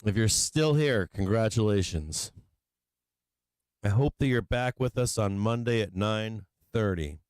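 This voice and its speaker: A man's voice: fairly low pitch, unhurried, darkish tone, clear, resonant tone, no echo, studio quality. A man hosting a stock market livestream, chatting casually, a little tipsy, swearing a lot and laughing often. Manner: profane, rambling, laughing often. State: tipsy from drinking. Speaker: livestream market show host.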